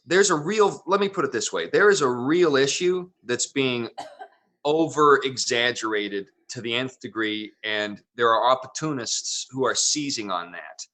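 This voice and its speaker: A man's voice: mid-range voice, sharp tone. A man from Wyoming, a comedian guest on a casual interview show, talking in long opinionated run-on thoughts.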